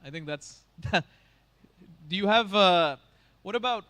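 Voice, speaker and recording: A conference host from Bangalore, India, speaks slowly in a high, fairly bright male voice. He keeps up casual, joking stage banter and teases the audience.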